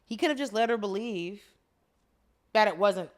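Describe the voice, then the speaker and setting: A woman co-hosting a podcast in casual chat, chatty with playful asides and quick reactions. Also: medium pitch, expressive. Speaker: podcast co-host.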